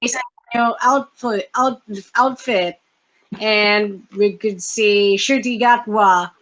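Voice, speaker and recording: A woman hosting a casual fan podcast, talking in a halting way with many fillers and restarts. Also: medium pitch, steady tone, crowd noise, low-quality recording. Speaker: podcast host.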